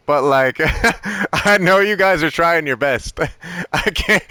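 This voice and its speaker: This man's voice is high, bright, and forceful, a little slow, with a clean tone and no echo. On a live stream he coaches a sim racing driver through short instructions, chatting casually, swearing a lot, and repeating "you know what I mean."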